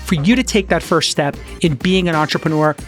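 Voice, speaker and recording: A man's voice: on the high side, fairly quick, faint music behind. A man hosting a podcast, chatting casually and jokingly, then reading an upbeat ad. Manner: animated, jokey, salesy in ad reads. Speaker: podcast host. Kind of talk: casual chat and host-read ad.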